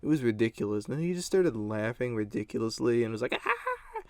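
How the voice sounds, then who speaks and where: A man's voice: mid-range voice, expressive, quick pace, mellow, smooth, no room sound. A young man telling a rambling, profane story in a casual storytime vlog. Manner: rambling, profane, lots of fillers.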